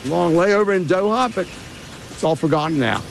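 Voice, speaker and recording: A man's voice: sits high, animated, moderate pace, vocal fry, background noise. An actor playing an American father arriving at a resort, in a TV drama, casual and slightly hesitant. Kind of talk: TV drama dialogue.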